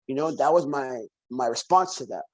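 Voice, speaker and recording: A man guesting on a podcast, chatting casually as an animated storyteller who repeats phrases for emphasis. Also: medium pitch, moderate pace, rough recording. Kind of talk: casual conversation.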